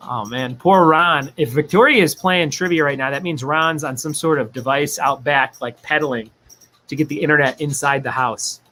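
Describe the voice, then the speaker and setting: A man's voice: on the high side, normal speed, sharp tone. A man hosting a casual livestream trivia game, joking, laughing often and reading viewer chat aloud.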